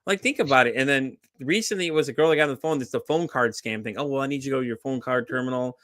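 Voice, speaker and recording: A middle-aged man hosting a podcast, telling stories in a casual, animated way, acting out quoted voices and swearing freely. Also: mid-range voice, racing, no echo, studio quality. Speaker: podcast host.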